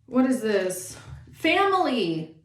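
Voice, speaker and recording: A woman giving a casual tarot reading, animated and sassy, swearing often and acting out the people she talks about. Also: fairly high pitch, slow, echoey room. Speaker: tarot reader.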